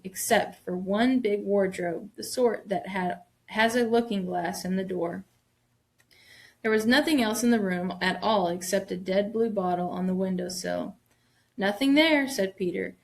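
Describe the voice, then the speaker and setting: Female teacher, read-aloud lesson, mid-pitched voice, pauses to explain and stress words. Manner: stops to explain reading points, stressing words. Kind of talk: reading a novel aloud to students.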